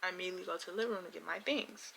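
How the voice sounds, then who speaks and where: Gravelly young woman telling a storytime. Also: fairly low pitch, very fast, sharp tone, a little hiss or hum. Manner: emphatic storyteller who acts out both sides of an argument. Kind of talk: storytime vlog.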